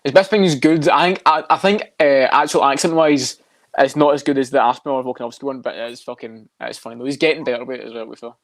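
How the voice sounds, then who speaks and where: A man's voice: mid-range voice, steady tone, no room sound. A young Scottish man with a Scottish accent in a casual podcast chat, swearing a lot as he talks. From Scotland. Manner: swears constantly, quick and chatty. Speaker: podcast co-host.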